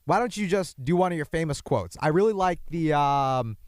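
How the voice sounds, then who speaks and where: A young man hosting a podcast, his voice hoarse from yelling, rambling in a casual, self-deprecating monologue with jumpy asides. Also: a little high, expressive, normal speed, no echo, clean studio sound. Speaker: podcast host. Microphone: microphone.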